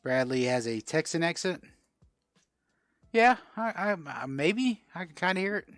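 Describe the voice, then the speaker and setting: A man's voice: fairly high pitch, big pitch swings, measured pace, fairly bright tone, dry recording. A man from South Florida hosting a casual live-stream card sale, chatting and answering viewer comments as he goes. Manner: chatty, reads out and answers viewer comments while selling cards.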